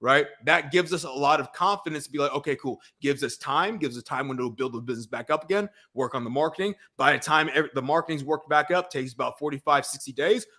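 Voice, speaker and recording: A man with a bright, forceful voice pitched a little high talks business bluntly. He swears freely and drives each point home with repetition. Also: fast talker, hardly any pauses. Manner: blunt, profane, repeats himself emphatically. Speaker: barbershop business coach. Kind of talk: blunt debate-style conversation.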